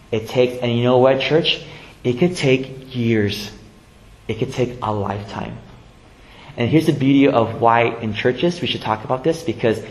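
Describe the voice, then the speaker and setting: Man, pastor, sermon, conversational, hushed then lively, church hall, roomy echo. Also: medium pitch. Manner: casual, conversational preaching with frequent "right?" and "like"; swings between hushed emphasis and lively bursts. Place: church sanctuary.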